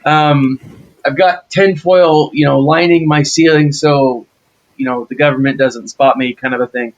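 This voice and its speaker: A man from Texas in casual chat as a podcast guest. He is easygoing and self-deprecating and hesitates with fillers, his voice sitting a little high. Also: fairly even intonation, measured pace, dull audio. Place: home basement.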